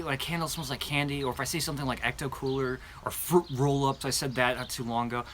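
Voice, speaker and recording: A man hosting a live candle show-and-tell, chatting in a loose, rambling way full of fillers and restarts. His voice is bright and forward, sitting at an ordinary pitch. He sounds eager as he describes each scent. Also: steady tone, brisk, slight background noise. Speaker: candle review channel host.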